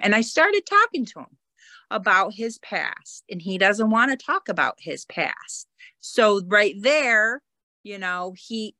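A woman on a podcast telling a personal story in a halting, emotional way, close to tears. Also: mid-range voice, fairly bright tone, no room sound. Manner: tearful, halting, repeats words. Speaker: podcast guest.

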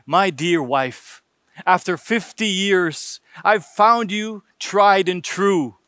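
A man voicing an elderly husband giving a slow, tender toast to his wife. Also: high-pitched, bright, forceful tone, smooth, dry recording, studio quality, full character voice.

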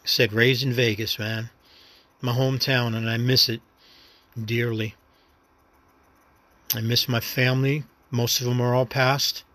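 A man with a New York accent talks through his life story on his own podcast, rambling and reflective without pushing. His voice sits in an ordinary middle pitch. The recording is dry and close, with no room sound. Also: level tone, unhurried, pauses often, pushed and bright, no room sound. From New York City. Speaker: podcast host. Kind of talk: casual personal monologue.

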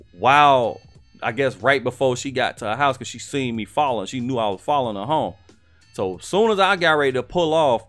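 Slangy young man telling a story. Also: medium pitch. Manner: slangy, animated, lots of fillers. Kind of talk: casual personal storytelling.

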